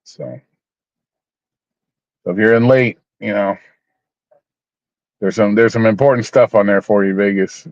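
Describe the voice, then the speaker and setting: A man's voice: on the low side, steady tone, unhurried, pauses often, darkish tone, no echo. Rambling guy, dull dry stream audio. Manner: rambling, repeats himself, talks to chat by name; blunt, swears, mock-preachy. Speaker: livestream host. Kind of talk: casual livestream chat.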